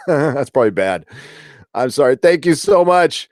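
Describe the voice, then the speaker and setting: A man's voice: on the high side, very animated, unhurried, darkish tone, no room sound, studio quality. A middle-aged man hosting a casual live stream, reading chat aloud in a rambling way full of fillers and restarts. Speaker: livestream host reading chat.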